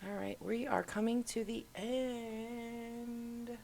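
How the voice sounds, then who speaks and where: A woman's voice: on the high side, level tone, slow, vocal fry, darkish tone, slight background noise. A middle-aged woman hosting, giving casual commentary while browsing on screen and musing aloud as she goes. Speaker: host.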